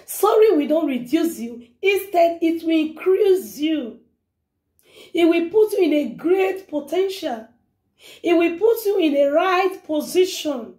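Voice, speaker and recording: A woman delivers an emphatic, repetitive motivational talk. Her voice sits high but has a mellow, soft tone. The room around her sounds echoey. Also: lively intonation, a little slow. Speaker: vlogger.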